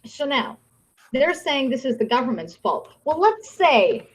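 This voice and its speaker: A woman's voice: high voice, sing-song, measured pace, slightly rough, poor audio. A woman hosting a podcast-style live stream, ranting in a heated, sarcastic, profane way. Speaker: podcast host. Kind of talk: casual ranting commentary.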